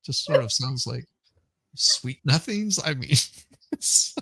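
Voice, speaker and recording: A man's voice: medium pitch, lively intonation, takes it slowly, gravelly, pushed and bright, slightly rough, no room sound. A man chatting casually on a live stream, rambling with frequent restarts and laughs. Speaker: guest streamer.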